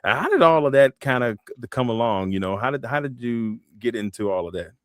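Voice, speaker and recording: A man hosting an interview, talking in a relaxed casual way with many fillers. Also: medium pitch, a little fast, dry recording, studio quality. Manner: relaxed, many "you know" fillers, brief reactions. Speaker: interview host.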